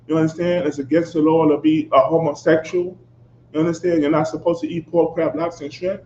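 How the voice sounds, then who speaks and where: A man's voice: a little high, flat delivery, a little fast, darkish tone. A man preaching a fiery, confrontational sermon, swearing and asking "you understand?" after nearly every phrase. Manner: fiery and profane. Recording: echoey, dull lo-fi recording with faint background noise.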